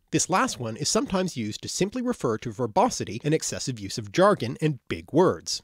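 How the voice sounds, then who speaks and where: A man narrates a scripted explainer with an animated, up-and-down delivery. His tone is clear and explanatory, with dry little asides. The sound is close and dead, with no room around it. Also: mid-range voice, no room sound. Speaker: educational video narrator.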